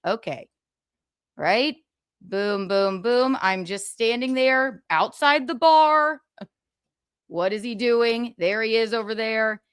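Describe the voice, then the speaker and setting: A woman in her thirties talks straight into a close mic with no room sound around her. Her voice sits a little high as she runs a sarcastic gossip commentary. She swears freely and laughs between her jabs. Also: expressive, slow, a bit bright, clear, resonant tone, no room sound. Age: 30s. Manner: sarcastic, profane, laughing asides. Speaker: livestream host.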